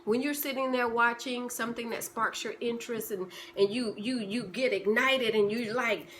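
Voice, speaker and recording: A woman's voice: fairly high pitch, steady tone, moderate pace, a bit bright, a little hiss or hum. A woman giving a passionate motivational talk, pressing her listeners with repeated rhetorical questions. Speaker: motivational speaker.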